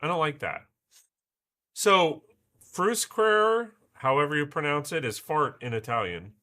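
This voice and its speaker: A man's voice: on the high side, animated, normal speed, pushed and bright. A man hosting a casual livestream, muttering to himself and swearing as he works. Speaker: livestream host. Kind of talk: casual livestream chat while building.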